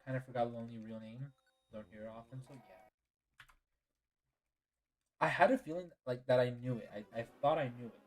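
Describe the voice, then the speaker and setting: A man's voice: mid-range voice, fairly quick, long pauses, soft background music, rough recording. A tired man streaming a game and chatting casually with viewers. He yawns, answers chat, and apologizes often. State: tired and yawning.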